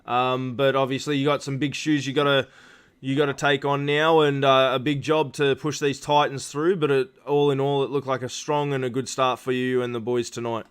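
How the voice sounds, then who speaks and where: A man's voice: mid-range voice, little pitch movement, normal speed, clear, resonant tone. Chatty man hosting a race stream. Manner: loose and rambling, lots of fillers and restarts. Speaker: stream host. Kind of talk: post-race interviews on a live stream.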